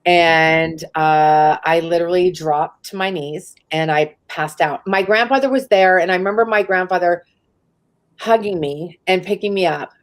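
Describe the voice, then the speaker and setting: A woman's voice: fairly low pitch, normal speed. A woman from the San Francisco Bay Area, a guest in a live interview, tells a personal story in a casual, candid way. She often says "like" and swears freely.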